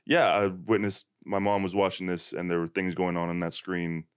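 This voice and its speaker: A relaxed young man hosting a casual podcast chats in loose, easy runs, laughing readily. His voice is low and smooth, at normal speed. The sound is dry and close, with no room sound.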